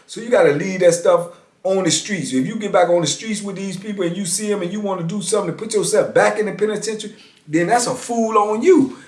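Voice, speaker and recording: A man's voice: high-pitched, fast talker, a little mellow. A man in his fifties casually telling a story from his own life, laid-back and conversational. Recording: roomy echo.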